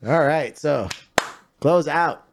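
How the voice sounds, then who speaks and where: A man's voice: a little high, slow pace, gravelly, noisy background. Easygoing male podcast host. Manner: easygoing, laughs often. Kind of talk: casual chat.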